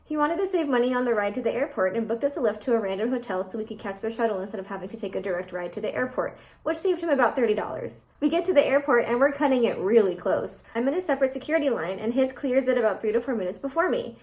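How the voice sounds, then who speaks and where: Lively young woman reacting to posts. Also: fairly high pitch, quick pace, few pauses. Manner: reads posts aloud, then reacts with animated comments. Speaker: YouTube host reading posts. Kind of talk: casual reaction commentary.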